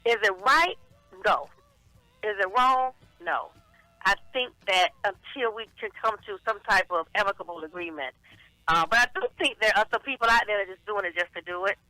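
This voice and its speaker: A woman co-hosting a casual talk radio show, speaking in a measured, reflective way with affectionate greetings. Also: medium pitch, pushed and bright, dry recording, soft background music, poor audio. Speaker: show regular and co-host.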